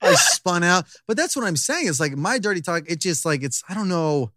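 A young man spins rambling, self-deprecating stories on a podcast, his voice swooping up and down with bright energy. The sound is close and dry, with no room around it. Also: high-pitched, very animated, fairly quick, no room sound. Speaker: podcast guest. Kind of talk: casual podcast chat.

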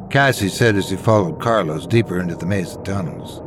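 A man reading scary stories as a dramatic, expressive narrator. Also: on the low side, moderate pace, few pauses, music in the background. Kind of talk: scripted horror story narration.

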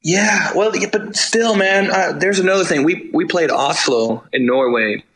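A German man, a rock musician, telling tour stories in a rambling, animated way with casual swearing. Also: high voice, unhurried, rough recording. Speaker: musician guest. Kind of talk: casual storytelling.

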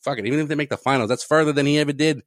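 A man's voice: fairly high pitch, racing, no echo, studio quality. A man co-hosting a podcast in casual sports chat, rambling and swearing freely, laughing often. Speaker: podcast co-host.

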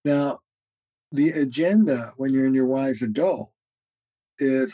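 A man with a husky, mellow voice speaks as a therapist guest in a podcast interview. He explains concepts earnestly and in a teaching manner, often pausing on "uh." He sometimes acts out both sides of a couple's argument. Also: medium pitch, no room sound, poor audio.

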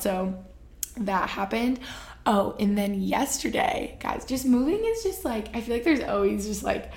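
A woman's voice: medium pitch, animated, moderate pace, a little mellow. A woman in her twenties chatting casually to camera, telling stories with lots of fillers and laughter. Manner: chatty, giggly storytelling with many fillers. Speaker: vlogger. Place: new apartment, indoors.

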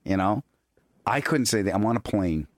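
Animated man telling a funny story. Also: fairly low pitch, normal speed, no echo. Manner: animated, laughing storyteller acting out quotes. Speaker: podcast host. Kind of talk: casual comedic storytelling.

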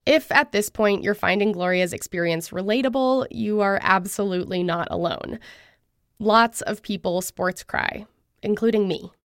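A woman podcast host speaking directly to listeners between clips, in a smooth, composed way. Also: medium pitch, moderate pace, no echo, studio quality. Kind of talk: narration between interview clips.

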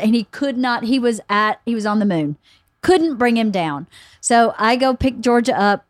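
A woman hosting a podcast, telling a family story in an animated, casual way. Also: on the high side, moderate pace, no room sound, studio quality. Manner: animated, acts out quotes. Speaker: podcast host.

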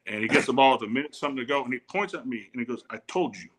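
A man in his forties, a former football player, telling animated anecdotes in a casual chat and acting out the people in them. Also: mid-range voice, racing. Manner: animated anecdotes with repeated starts, quotes others. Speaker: guest, former football tight end.

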